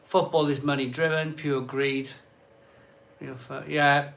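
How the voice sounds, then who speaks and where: A man's voice: on the high side, level tone, slow, fairly bright tone. A man hosting a live stream from his home bar, reading out viewer comments in a rambling, chatty way and often repeating himself. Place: cold home conservatory bar.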